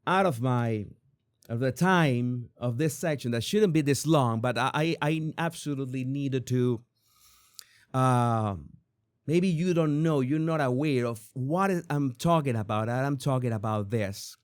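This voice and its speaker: A man hosting an entertainment commentary channel, reacting in an excitable way, swearing and stumbling over repeated words. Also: mid-range voice, measured pace.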